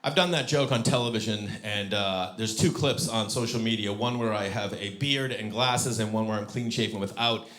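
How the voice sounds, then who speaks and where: A man doing stand-up storytelling on stage, animated and acting out voices. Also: lowish voice, normal speed, hardly any pauses. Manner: animated, acts out voices with big shouted peaks. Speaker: stand-up comedian. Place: theater stage with live audience. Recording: roomy live venue with crowd laughter.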